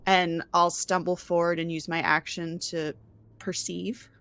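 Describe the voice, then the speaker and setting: A woman's voice: on the low side, level tone, a little slow, a bit bright, no room sound. A woman playing a tabletop game, speaking hesitantly as she describes her character's actions. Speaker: player. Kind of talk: casual tabletop play.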